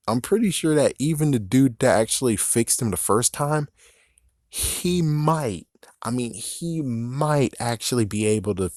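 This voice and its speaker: A man's voice: fairly low pitch, a little mellow, no echo, clean studio sound. A man giving a casual movie review as an exasperated, profane rant, often laughing at his own jokes.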